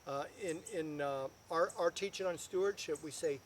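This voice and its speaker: A man, a guest financial advisor, telling stories in a casual video chat and building up to loud punchlines. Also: fairly high pitch, moderate pace, a little hiss or hum.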